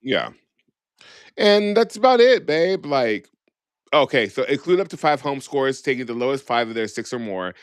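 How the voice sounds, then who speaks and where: A man's voice: medium pitch, very animated, normal speed, clear, resonant tone, no room sound. A man co-hosting a casual chat show, sassy and gossipy, swearing freely as he runs through rule changes. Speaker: podcast co-host.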